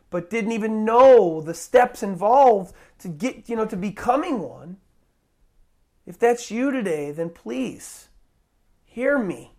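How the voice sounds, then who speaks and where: A preacher in the middle of an evangelistic sermon, urging listeners with an insistent, pleading delivery. The voice sits at a middling pitch and keeps doubling back on its words, repeating and restarting phrases as it pushes toward a call to respond. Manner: pleading, repetitive and urgent.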